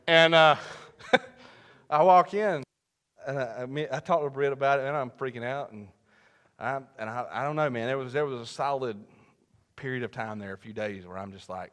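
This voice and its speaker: A male pastor preaching a sermon, telling a story animatedly and swinging from hushed asides to shouting. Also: mid-range voice, moderate pace, pauses often. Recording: long church hall reverb.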